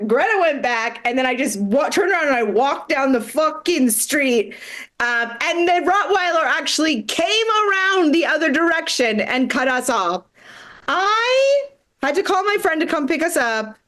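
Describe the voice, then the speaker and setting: A woman with a high voice tells a comic story on a live stream. She talks in an animated, profane way and laughs her way through the telling. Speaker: comedian.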